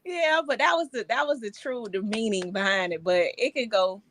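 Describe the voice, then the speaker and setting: A woman's voice: on the high side, normal speed, a bit bright, a little hiss or hum. A young adult woman, a southern soul singer, chatting casually in an interview and restarting her phrases as she talks.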